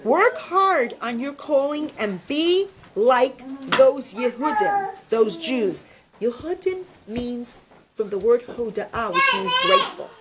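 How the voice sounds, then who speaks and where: A woman giving a storytelling religious lesson to a group, animated and asking questions. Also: sits high, takes it slowly. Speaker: religious teacher. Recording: noisy room recording.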